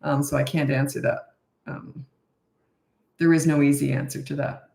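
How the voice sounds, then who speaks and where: A woman's voice: low voice, level tone, moderate pace, vocal fry, a little mellow. A middle-aged woman parenting coach answering questions in a casual, blunt, matter-of-fact way, with chatty asides. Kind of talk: casual Q&A advice. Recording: roomy echo.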